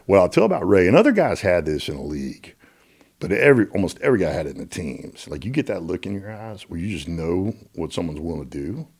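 A middle-aged American man telling stories as a guest in a casual interview, animated and repeating words when he gets going. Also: low-pitched, husky.

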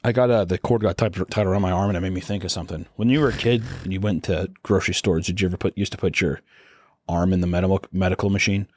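A man's voice: low voice, fairly even intonation, fast, darkish tone, dry recording, studio quality. A young man co-hosting a podcast, chatting casually and acting out voices in his stories. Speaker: podcast co-host. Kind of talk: casual comedic chat.

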